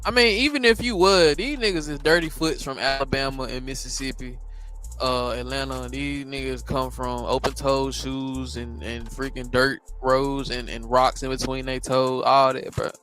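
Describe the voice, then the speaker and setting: Man, reaction commentary, blunt, animated, talks to his viewers, faint music. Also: medium pitch, normal speed. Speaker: commentary host.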